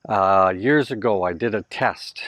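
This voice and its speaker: In clean, echo-free studio-quality sound, a middle-aged man with a Canadian accent talks straight to his vlog viewers outdoors at a house build in the Philippines. He's chatty and laughs often, his fairly low, fairly bright voice taking an unhurried pace.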